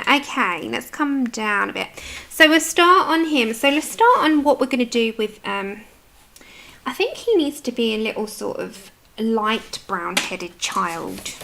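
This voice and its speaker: Chatty British woman hosting a colouring stream, bright, higher voice, answers comments as she works. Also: vocal fry. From United Kingdom. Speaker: colouring livestream host. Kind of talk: casual chat while colouring.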